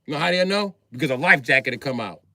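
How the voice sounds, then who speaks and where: A brash male comic with a high, bright voice that swoops up and down constantly. He delivers crude material loudly and acts out exchanges between characters, all sounding dry and close to the mic. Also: animated, fast, dry recording. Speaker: stand-up comedian. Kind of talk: profane stand-up comedy bit.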